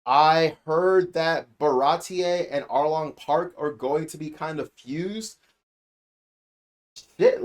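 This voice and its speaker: A man hosting a casual spoken anime review, rambling and repeating himself for emphasis. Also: fairly high pitch. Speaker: anime reviewer and channel host.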